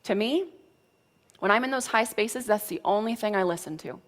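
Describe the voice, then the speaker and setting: A woman's voice: mid-range voice, moderate pace. A woman teaching as a spiritual coach, talking frankly and casually, with mild cursing and frequent check-ins with her listeners. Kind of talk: motivational teaching talk.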